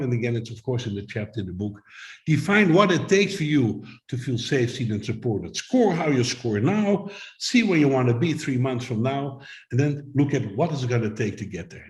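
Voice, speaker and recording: A man speaks on a video call in an echoey room, coaching his listeners with plain pictures and questions. His voice sits at a middle pitch, and the room gives it a hollow ring. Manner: motivational, explains with simple images and questions. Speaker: summit speaker. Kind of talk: online talk to a video call.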